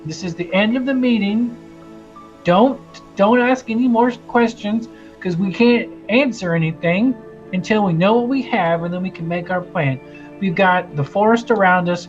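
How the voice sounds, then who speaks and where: A woman's voice: medium pitch, muffled recording, pitched above the performer's own voice, natural voice. A man voicing a stern female town guard captain who gives blunt, swearing orders to a frightened crowd.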